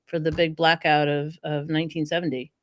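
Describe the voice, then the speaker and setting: Lively, low-voiced woman telling stories. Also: a little fast, no echo. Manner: animated storyteller who acts out quoted voices. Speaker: dog trainer and author, podcast guest. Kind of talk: casual storytelling conversation.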